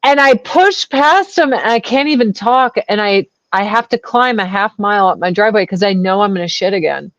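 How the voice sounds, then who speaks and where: A woman in her forties, a guest telling crude stories in animated, casual chat over a video call. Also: mid-range voice, brisk, hardly any pauses, dry recording. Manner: animated, crude, laughing storyteller. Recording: dull lo-fi sound.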